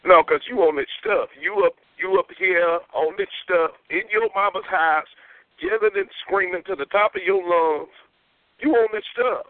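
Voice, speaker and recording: A man's voice: sits high, normal speed, dry recording, close to an everyday voice. A man voicing a scolding, preachy old country man with a Southern accent, drawling and nagging. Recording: tinny phone line with faint music.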